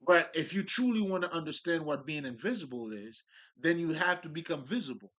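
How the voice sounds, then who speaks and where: Male spiritual talker, bright tone, casual profane street-style musing with restarts. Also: on the high side, expressive, brisk. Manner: loose, profane street talk, restarts and laughs. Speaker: spiritual speaker.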